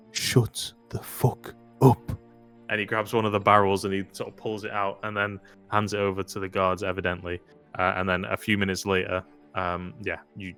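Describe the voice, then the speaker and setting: A man acting as game master, narrating a tabletop game in a relaxed, hesitant way. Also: deep voice, clear, resonant tone. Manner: relaxed, hesitant, many ums and restarts.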